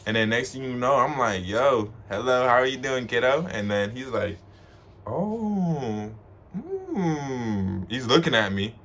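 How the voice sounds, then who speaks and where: A young man from Washington, D.C., telling funny stories to the camera in a casual, slangy way, laughing often and mimicking people in high voices. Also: fairly quick, few pauses, a bit bright. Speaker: vlogger.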